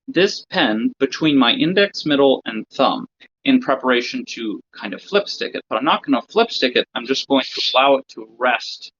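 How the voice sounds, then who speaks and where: A man's voice: mid-range voice, a bit bright, slight background noise. A man lecturing other magicians, explaining a routine step by step and checking in with listeners as he goes. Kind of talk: instructional lecture. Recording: slightly dull lo-fi recording.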